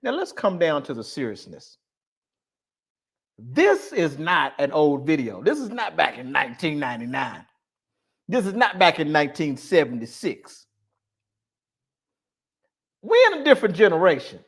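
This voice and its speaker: Blunt, laughing male commentator. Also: a little high. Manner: blunt, swings between laughing and stern. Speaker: host. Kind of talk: casual commentary on a video clip.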